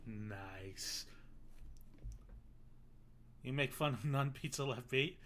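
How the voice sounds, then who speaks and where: A man's voice: medium pitch, fairly even intonation, moderate pace, fairly bright tone, a little hiss or hum. An American man giving casual, wry commentary while playing a video game, with muttered asides. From United States. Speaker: game streamer.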